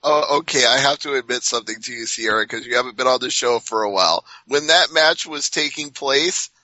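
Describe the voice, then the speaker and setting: A man's voice: medium pitch, brisk, bright, forceful tone, no echo. A man hosting a casual wrestling podcast, chatty and leading the discussion. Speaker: podcast host. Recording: dull lo-fi sound.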